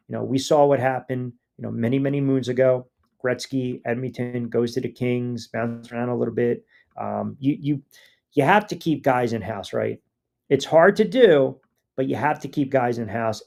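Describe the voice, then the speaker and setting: Gravelly-voiced man hosting sports talk. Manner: animated and conversational, rising pitch when fired up. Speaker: sports talk radio host. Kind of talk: live sports talk show, reading listener comments.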